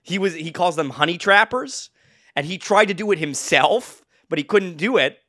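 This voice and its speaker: Male podcast host, casual chat, rambling and laugh-prone, animated delivery. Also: high voice, normal speed. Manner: rambling storyteller, laughs often, restarts.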